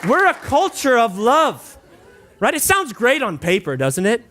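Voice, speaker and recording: A man's voice: very high voice, big pitch swings, a little slow, crowd noise, background noise. A man preaching a sermon as a pastor, conversational with asides and prompts to the congregation, sometimes singing or doing playful mock voices.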